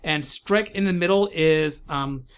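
A man's voice: on the high side, a little slow, clear, resonant tone. A man as game master, describing a scene in a rambling way with many restarts. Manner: rambling, many fillers and restarts, laughs often. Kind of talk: narrating a tabletop game.

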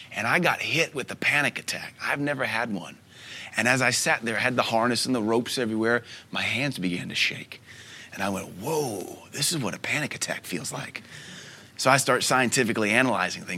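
A man in his thirties preaching a sermon as a pastor, telling stories with soft asides and sudden loud bursts. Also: medium pitch, animated, a little fast. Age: 30s.

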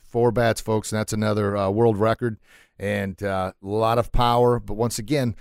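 A man hosting a podcast interview in a small sound room, excitable and quick to laugh, often stumbling over his words. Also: fairly low pitch, smooth, no room sound, studio quality. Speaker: podcast host. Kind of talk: casual chat.

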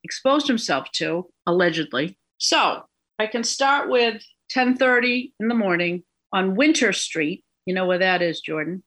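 In an easygoing storytelling interview, a middle-aged Boston woman appears as a guest describing a court case. She's chatty and digressive, laughing at the absurdity, with a medium-pitched, expressive, slightly bright voice and an unhurried pace.

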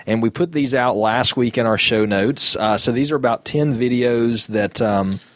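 A man hosting a casual podcast chat, talking in a halting way with many fillers as he reads out listener comments. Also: medium pitch, no echo. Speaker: podcast host.

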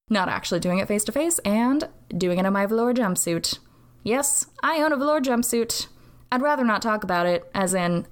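A woman hosting a casual solo podcast, giving advice with sarcastic jokes, swearing and playful asides. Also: medium pitch. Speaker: podcast host.

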